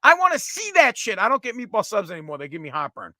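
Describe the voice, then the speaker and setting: A middle-aged man, hosting a casual comedic rant that is profane and animated. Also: high-pitched, quick pace, no echo. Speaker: podcast host.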